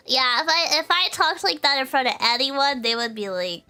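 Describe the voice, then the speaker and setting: Bright, lively young woman streamer with a giggly, animated voice. Faint music plays behind her. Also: sits high, normal speed, clear, resonant tone. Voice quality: giggly, bubbly. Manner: animated, playful, often breaking into laughter. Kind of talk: casual chat reading viewer comments.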